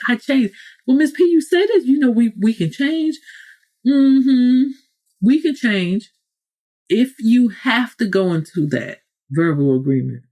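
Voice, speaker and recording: A woman's voice: on the low side, a little mellow. A woman hosting a motivational podcast, preaching with many rhetorical questions and acting out quoted people in raised voices. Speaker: podcast host. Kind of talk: motivational talk.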